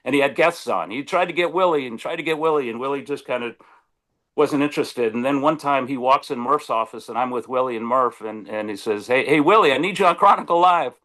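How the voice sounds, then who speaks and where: A man chats over a video call, telling stories in a voice of ordinary middle pitch. He is animated and restarts his sentences often. He acts out the lines of the people in his stories. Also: a little fast. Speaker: sportswriter guest. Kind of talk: casual storytelling on a video call.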